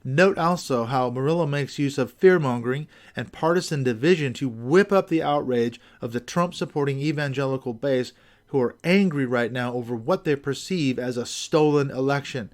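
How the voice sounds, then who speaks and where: A man's voice: mid-range voice, normal speed. A man hosting a podcast, reading scripted commentary with wry, skeptical asides. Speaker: podcast host.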